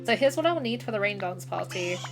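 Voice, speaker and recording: A woman reading the lines of a sleepy male Slowpoke aloud from a game, in a plain reading voice over game music. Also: medium pitch, lively intonation, natural voice. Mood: earnest.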